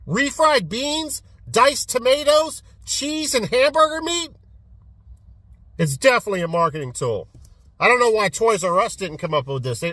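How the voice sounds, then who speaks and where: A man vlogging casually about his movie collection and fast food, rambling, repeating words and swearing as he goes. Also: high-pitched, bright, forceful tone, no echo. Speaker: physical media collector vlogger. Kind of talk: casual vlog rant.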